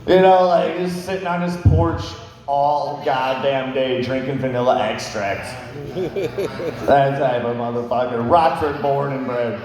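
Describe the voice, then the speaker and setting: A man's voice: mid-range voice, fairly even intonation, a little slow, a crowd in the background. A young man in his twenties doing stand-up storytelling, rambling and swearing with lots of fillers. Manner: rambling, profane, filler-heavy. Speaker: stand-up comedian. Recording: echoey hall with long reverb.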